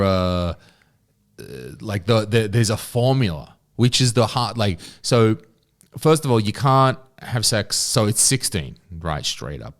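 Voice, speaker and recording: An Australian man co-hosting a podcast in a studio, ranting and swearing in casual chat. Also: on the low side. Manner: ranting, profane, animated storytelling. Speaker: podcast co-host.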